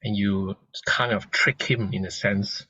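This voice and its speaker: Male dharma teacher, relaxed lecture delivery, husky tone, dry, slightly muffled recording. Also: fairly low pitch, measured pace, no room sound. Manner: gentle and conversational, many restarts and soft laughs. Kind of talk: informal lecture with analogies.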